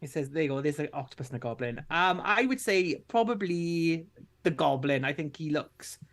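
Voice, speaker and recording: A man co-hosts a casual live stream, rambling easily through his thoughts with plenty of fillers and restarts. His voice sits a little higher than most men's. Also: moderate pace. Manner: relaxed, rambling, full of likes and restarts. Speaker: co-host.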